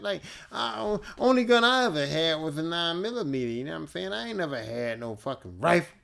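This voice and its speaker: A male podcast host telling a casual story alone, laid-back, profane and animated. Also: on the high side, brisk, creaky, hardly any pauses.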